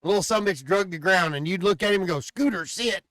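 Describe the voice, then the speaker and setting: Higher-voiced man telling profane stories. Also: quick pace, no echo. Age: adult father. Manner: profane, animated rambling storyteller. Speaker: podcast co-host. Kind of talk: casual chat, storytelling.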